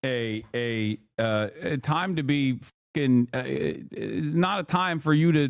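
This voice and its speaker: A man's voice: mid-range voice, animated, takes it slowly, creaky, no echo, clean studio sound. A male streamer ranting at his chat, heated and profane, often restarting his sentences. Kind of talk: livestream rant to chat.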